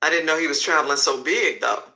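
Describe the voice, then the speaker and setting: A flashy male crime boss gives easy, offhand orders, voiced by a man. His tone is bright and sharp, pitched a little high. He sounds fully in control. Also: quick pace, poor audio. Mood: confident.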